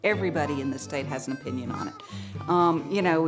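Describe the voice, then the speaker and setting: Deep-voiced thoughtful woman. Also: steady tone, fast, music in the background. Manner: thoughtful, explanatory.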